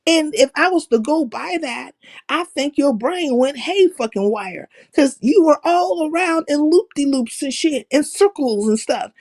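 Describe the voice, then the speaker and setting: A woman's voice: high voice, a little slow, dry recording. Brash, profane woman livestreamer. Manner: brash, profane, animated storyteller with slang. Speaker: livestream host. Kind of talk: casual profane storytelling chat.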